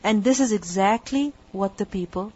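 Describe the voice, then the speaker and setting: A woman's voice: medium pitch, moderate pace, darkish tone, slightly rough. A woman teaching a religious lecture, explaining each point and posing rhetorical questions that she then answers herself. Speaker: Quran teacher. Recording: dull lo-fi recording.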